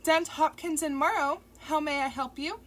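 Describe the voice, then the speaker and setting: A woman's voice: high-pitched, moderate pace, fairly bright tone, voice pushed up. A woman voicing a polite, professional receptionist at a law office in an audiobook reading. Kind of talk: audiobook character voice.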